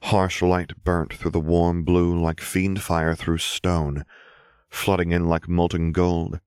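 A man reading story narration in a steady, measured voice. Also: sits low, clear, resonant tone, dry recording, clean studio sound. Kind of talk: scripted narration of fan fiction.

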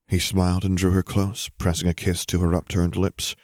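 A man narrating an audiobook in a steady, measured way. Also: sits low, no echo, studio quality.

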